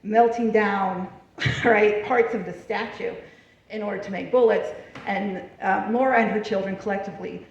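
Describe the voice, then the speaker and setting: A woman lecturing on history at a library event, chatty and lively, laughing often and checking in with the audience as she moves through her slides. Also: medium pitch, normal speed, creaky. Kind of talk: public library talk with slides. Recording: far from the mic, roomy and dull.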